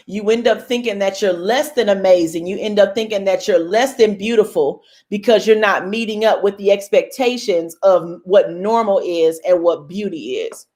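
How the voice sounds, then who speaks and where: A young woman hosting a casual motivational talk to her viewers, emphatic and bold like a preacher. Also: medium pitch. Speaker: host.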